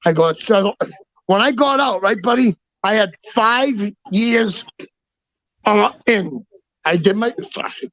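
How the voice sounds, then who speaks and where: A man telling rough personal stories in a loud, profane, emphatic way, often restarting his sentences. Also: high-pitched, lively intonation, slow, no echo. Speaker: guest. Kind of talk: casual storytelling. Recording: dull, dry lo-fi sound.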